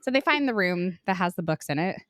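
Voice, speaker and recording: A woman's voice: on the low side, animated, quick pace, fairly bright tone, dry recording, studio quality. A woman co-hosting a casual book podcast, loosely retelling a plot with frequent "like" fillers and casual swearing. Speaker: podcast co-host.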